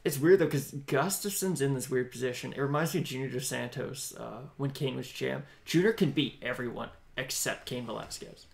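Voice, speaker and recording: A man riffing through live fight commentary as a co-host, talking fast with a gravelly rasp. His delivery is joking and offhand, like he is chatting through a broadcast with a friend. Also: medium pitch, darkish tone.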